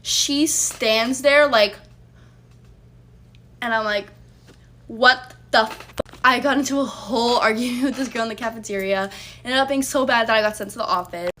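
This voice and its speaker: A woman with a fairly high voice, telling her story in a casual storytime vlog. She talks bluntly and heatedly, swearing freely as she goes. A faint hum of ambience sits under her voice. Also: normal speed, a bit bright. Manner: blunt, profane, heated retelling.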